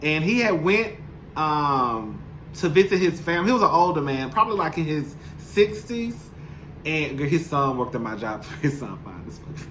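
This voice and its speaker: A man's voice: on the high side, sing-song, moderate pace, noisy background. A young man, recapping a reality show in a sassy, blunt, profane, casual monologue straight to his viewers. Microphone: camera mic, speaking to camera.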